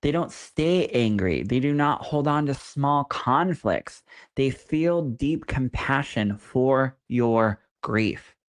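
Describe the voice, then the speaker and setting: A young adult man, a psychic medium co-hosting a podcast, telling stories in an animated, campy way. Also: mid-range voice, slow pace. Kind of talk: casual podcast chat.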